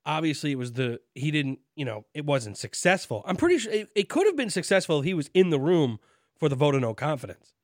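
Man, casual podcast chat, jokey and animated, dry close sound. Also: a little high, quick pace, dry recording. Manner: animated, jokey, acts out lines from the show. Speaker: podcast co-host.

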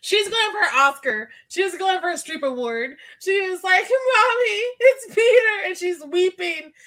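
A woman's voice: very high-pitched, animated, moderate pace, bright, forceful tone. A woman co-hosting a podcast, playful and laughing a lot as she chats. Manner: playful, laughs often, dramatic retellings. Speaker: podcast co-host. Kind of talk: casual chat.

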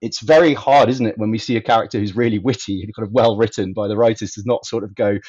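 A man talking through a film in a thoughtful, measured way during a casual discussion. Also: lowish voice, fairly even intonation, darkish tone, husky, no room sound, lo-fi sound. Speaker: podcast panelist.

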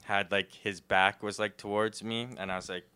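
A man's voice: fairly low pitch, little pitch movement, moderate pace, pushed and bright, smooth, no echo. A young man in casual chat, rambling with many fillers and giggling often.

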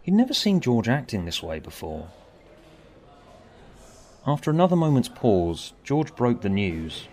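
Expressive man narrating a story. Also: fairly low pitch, measured pace, long pauses. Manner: expressive, swinging between bright and hushed. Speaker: author and narrator.

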